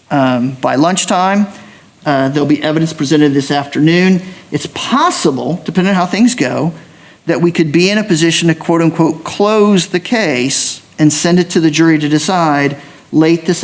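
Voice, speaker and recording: A man serving as a judge in a courtroom, explaining jury duty to prospective jurors in a measured, explanatory manner. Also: fairly high pitch.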